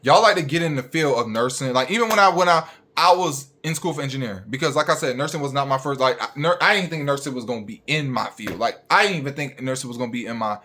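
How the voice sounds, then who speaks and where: A man's voice: mid-range voice, quick pace, hardly any pauses, bright, forceful tone. A young man, a registered nurse, ranting bluntly and profanely straight at his viewers.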